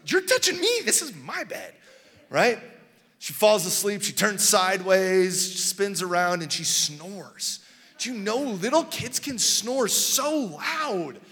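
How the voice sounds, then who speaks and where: Casual pastor guy preaching, kinda high voice, jokey and rambly with lots of ums, big reverby church hall. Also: a bit bright. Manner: conversational, joking storyteller with many fillers. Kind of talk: sermon.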